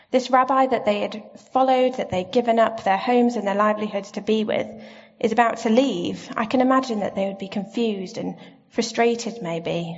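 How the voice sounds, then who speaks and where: A woman giving a sermon in a church, gentle and reflective, asking her listeners questions. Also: on the high side. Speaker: preacher. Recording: slightly dull lo-fi sound.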